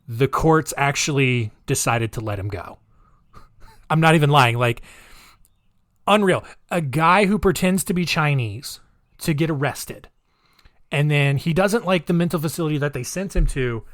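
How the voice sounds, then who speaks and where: A man's voice: on the high side, unhurried, fairly bright tone, no echo, clean studio sound. A man hosting a podcast, telling a true-crime story casually with a sarcastic, giggly, incredulous manner. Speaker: podcast host.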